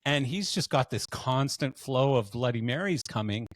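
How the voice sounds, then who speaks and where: A Canadian man hosts a podcast in easy, rambling talk, stopping and restarting as he spins his stories. His voice sits at an ordinary middle pitch. The sound is dry and close, with no room around it. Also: lively intonation, moderate pace, no room sound. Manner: rambling storyteller, lots of fillers and restarts. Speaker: podcast host. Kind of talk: casual interview chat.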